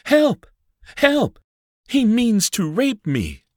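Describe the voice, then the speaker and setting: Terrified young woman, shrill and panicked, played by a male narrator, dry close audiobook sound. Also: huge pitch swings, drawn-out words, darkish tone, no echo, full character voice. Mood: shrieking. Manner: shrieking, panicked.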